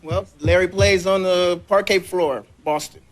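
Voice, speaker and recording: A man's voice: high-pitched, steady tone, unhurried. A man competing as a contestant on a television game show, easygoing and encouraging to his family. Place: television studio with live audience. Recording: studio audience and noise.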